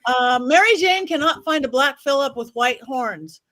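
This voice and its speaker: A woman's voice: high voice, expressive, normal speed, a bit bright. A woman co-hosting a casual podcast chat, making wry, dry jokes. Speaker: podcast co-host.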